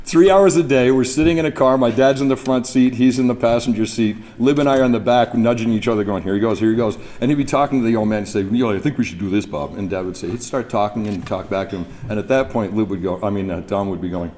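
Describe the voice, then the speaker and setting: Talking fast with barely a pause, a New Brunswick man with a mid-range, somewhat mellow voice delivers an anecdotal memorial speech from a podium. He chuckles through his stories and does impressions of people, recorded on a mic with background noise.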